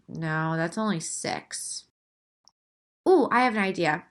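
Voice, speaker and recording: A woman's voice: lowish voice, animated, takes it slowly, long pauses. A young woman teacher giving a recorded lesson, speaking patiently, drawing out her words and often checking in with "okay?".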